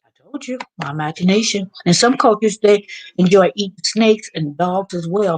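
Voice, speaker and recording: An American woman hosting a live stream, chatting and telling stories with animated asides. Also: medium pitch, moderate pace. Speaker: vlog host. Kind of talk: live stream casual chat.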